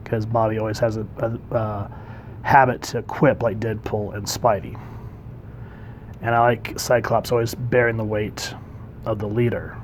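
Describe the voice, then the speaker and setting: A man's voice: fairly low pitch, level tone, a little slow, a little hiss or hum. Enthusiastic man reviewing comics. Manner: enthusiastic, conversational with frequent fillers. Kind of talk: casual commentary.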